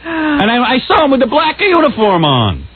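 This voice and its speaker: A man's voice: extremely high pitch, moderate pace, narrow, tinny audio, voice pushed up, exaggerated voice. A man acting out a frantic, blustering witness on the stand in a comic talk-radio bit. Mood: excited. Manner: excitable, blustering, swearing.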